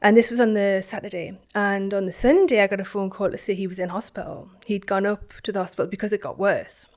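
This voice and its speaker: A woman speaks as an interview guest, her voice sitting at an ordinary middle pitch. She tells her story in a reflective, halting way, restarting phrases and letting them fade softly. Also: steady tone. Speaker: guest, founder of an online business community.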